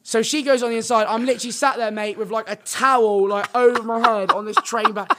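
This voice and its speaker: High-voiced young man telling tales. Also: fairly quick, a little hiss or hum. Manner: rambling, filler-heavy, animated storytelling. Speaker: podcast guest, streamer. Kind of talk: casual storytelling chat.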